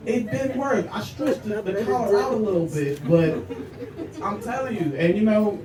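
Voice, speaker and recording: A stand-up comedian, a man with a high voice, teases a live audience in an animated way. He is heard from a distance across an echoey club. Loud crowd laughter rolls around him. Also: normal speed. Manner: animated, teasing, talks straight to the crowd.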